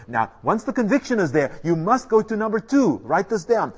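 A middle-aged man preaching with an animated, lively voice that sits a little high for a man. He drives his points home emphatically, quizzing his listeners and repeating key words. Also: brisk, breathy edge. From South Africa. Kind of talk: sermon.

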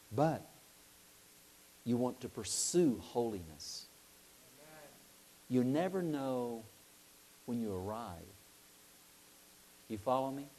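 A middle-aged man preaching a sermon, telling a lively story, acting out voices and asking his listeners questions. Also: medium pitch.

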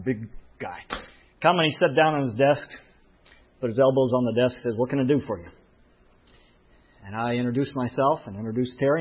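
A medium-pitched man with a breathy edge preaches as a pastor, caught on a muffled lo-fi recording. Within his sermon he narrates a story and performs the voices of the people in it.

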